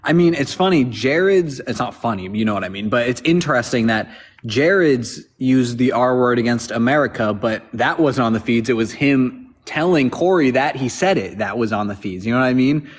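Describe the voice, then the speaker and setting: A man chatting casually on a livestream, quick to laugh and react. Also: mid-range voice, lively intonation. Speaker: livestream guest.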